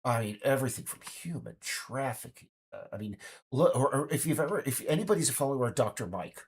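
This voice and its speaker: Husky man in his fifties, rambling. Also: medium pitch, animated, fast talker. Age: 50s. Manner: indignant, rambling, many restarts. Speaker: game developer vlogger. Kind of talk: casual rambling monologue.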